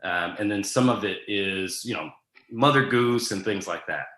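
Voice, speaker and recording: A man with a fairly low voice and a bright, forward tone answers questions in a relaxed, casual way. He pauses on ums and restarts his sentences as he thinks. The room around him rings with noticeable echo. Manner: easygoing, many ums and restarts. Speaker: guest. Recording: echoey room.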